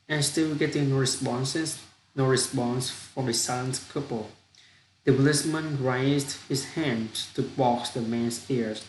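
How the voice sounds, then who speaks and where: Halting male reader, slow, roomy echo, faint hiss. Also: medium pitch, steady tone. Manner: halting, with repeated restarts and fillers. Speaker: reader practicing storytelling. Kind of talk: reading a story aloud. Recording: echoey room with faint hiss.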